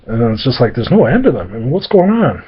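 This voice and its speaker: A man's voice: medium pitch, very animated, quick pace, breathy edge, lo-fi sound. A man telling an improvised comic story, rambling with joking asides and many fillers.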